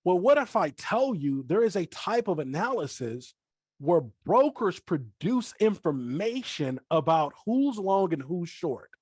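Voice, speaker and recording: Trainer: middle-aged man, slightly high voice, dry close sound, repeats key points, talks to the chat. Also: very animated, measured pace, a little mellow, breathy edge, no echo. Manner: repeats himself on purpose, addresses chat directly. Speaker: forex trading trainer. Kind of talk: live online training call.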